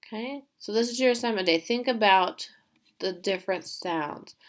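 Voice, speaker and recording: A woman teacher giving a remote class, reading a story aloud and asking her pupils questions in an animated way. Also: medium pitch, normal speed.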